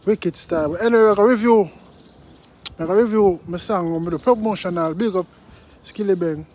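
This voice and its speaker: A man's voice: sits high, a little fast, a little mellow. A man with a Jamaican accent talking to his viewers in an indignant, preachy way, mixing in patois. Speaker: vlogger and song reviewer. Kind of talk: casual commentary to camera.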